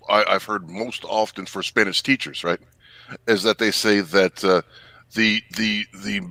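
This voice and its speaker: Man, low and forceful, casual rambling chat, stammering restarts, dry sound. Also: dry recording, rough recording.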